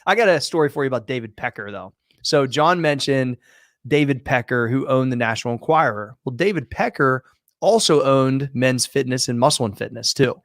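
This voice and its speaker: A man co-hosting a podcast, telling a story in a profane, animated, casual way. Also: mid-range voice, a little fast, dry recording, clean studio sound. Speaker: podcast co-host. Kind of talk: casual chat.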